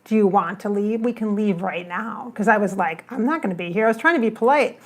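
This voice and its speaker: A woman's voice: medium pitch, a little fast. A woman who works as a psychic medium, telling a story on a casual livestream and acting out her own remarks. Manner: animated, acts out her own remarks in the retelling.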